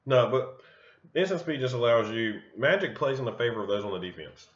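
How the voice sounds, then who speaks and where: A man's voice: medium pitch, expressive, a little fast. A man casually commentating his own card game, thinking aloud to himself. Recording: roomy, dull lo-fi mic.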